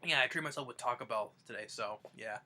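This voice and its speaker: Rambling young man with a bright voice. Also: mid-range voice, fast talker, a little hiss or hum. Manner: rambling, restarts sentences often. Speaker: fan vlogger. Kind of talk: casual countdown retelling.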